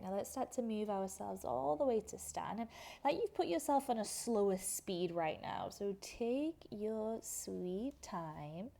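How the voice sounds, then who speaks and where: A woman's voice: mid-range voice, lively intonation, a little slow, gravelly, darkish tone. A woman teaching a guided yoga class, coaching movement and breath in a soothing way, with audible sighs as she breathes out.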